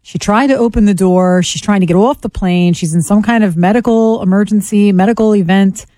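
A woman co-hosting a talk radio show, teasing and quick with her replies. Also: medium pitch, no echo. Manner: quick, teasing, talks fast when excited. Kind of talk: casual radio banter.

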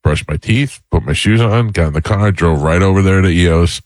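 A man's voice: low-pitched, moderate pace, no room sound. A man co-hosting casual talk-show banter, joking and self-deprecating, in a studio. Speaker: co-host.

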